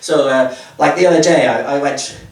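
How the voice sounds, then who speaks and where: A man's voice: mid-range voice, moderate pace. A man, rambling and stammering with self-mocking asides. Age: 70s. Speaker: stand-up comedian. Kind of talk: stand-up comedy set. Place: comedy club stage. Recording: roomy live audio from far off. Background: audience laughter.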